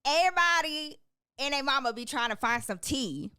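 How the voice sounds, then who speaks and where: Her voice sits high and moves at normal speed as this young adult co-host tells lively stories in casual podcast chat, voicing people's lines and laughing often. The recording is dry and studio-clean.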